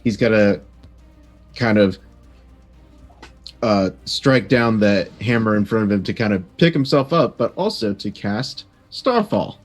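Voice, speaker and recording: A man playing a tabletop game, hesitant and halting as he decides his move. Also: on the low side, animated. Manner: hesitant, halting, many pauses. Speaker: player. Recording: faint music behind.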